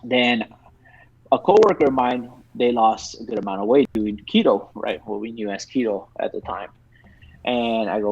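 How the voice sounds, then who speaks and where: A man in his thirties, a podcast guest, spins a loose, rambling story and swears constantly in casual chat. His voice sits at an ordinary middle pitch. The recording is dry with no room sound and a slightly muffled, lo-fi tone. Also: normal speed, vocal fry, a little mellow, breathy edge, no echo.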